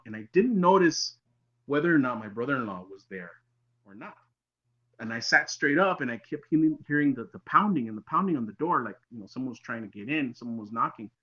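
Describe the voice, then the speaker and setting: Appearing as a podcast guest, a man tells the story of an eerie encounter he lived through. His medium-pitched voice is bright and forward, though the audio sounds a bit dull and lo-fi. He shifts between animated narration and near-whispers at the tense moments.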